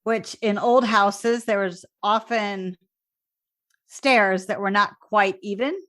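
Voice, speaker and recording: A woman's voice: medium pitch, fairly even intonation, slow, fairly bright tone. Female podcast host with a mid-range voice, friendly and curious, interviewing casually.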